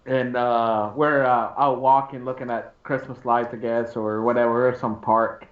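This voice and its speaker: A man's voice: mid-range voice, little pitch movement, moderate pace. A man telling a long, rambling story in casual chat, often laughing and restarting his sentences. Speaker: stream co-host. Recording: roomy, dull lo-fi stream audio.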